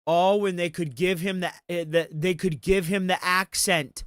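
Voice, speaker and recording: Male streamer, profane rant, slow delivery, dry close sound. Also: high-pitched, steady tone, a bit bright, clean tone, no echo. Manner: profane, ranting. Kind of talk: casual commentary chat.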